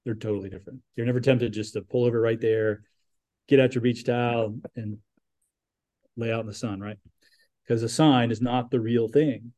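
Man, mid-pitched, teaching a Bible lesson, loose and conversational with many restarts and questions to the room. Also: steady tone, normal speed, dark tone. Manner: thinks aloud with restarts and questions to the class.

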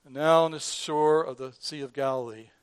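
A man preaching a sermon in an earnest way, who often repeats and restarts words and drops from loud emphasis to a hush. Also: fairly high pitch, normal speed, smooth, no room sound. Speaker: pastor.

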